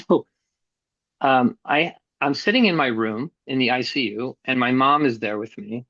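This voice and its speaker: A middle-aged man speaks as a podcast guest, telling his own story in an earnest, blunt way and swearing casually now and then. His voice sits at a plain, average pitch. The sound is muffled and dull, recorded close in a dry room with no echo. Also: a little slow, sharp tone. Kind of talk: candid personal storytelling.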